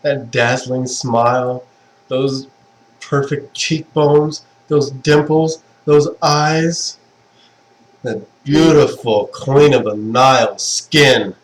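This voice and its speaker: Young man, livestream chat, sentimental, gushing, laughs a lot, mid-pitched voice. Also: drawn-out words, low-quality recording. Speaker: livestream host. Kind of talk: casual livestream chat to viewers. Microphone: webcam stream mic.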